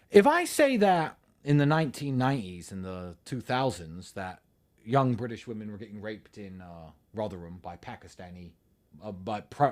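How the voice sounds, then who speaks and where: Animated man with a lively, swooping voice. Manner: animated, swings pitch sharply for emphasis; mimics critics' voices. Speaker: guest answering audience questions. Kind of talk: emphatic monologue.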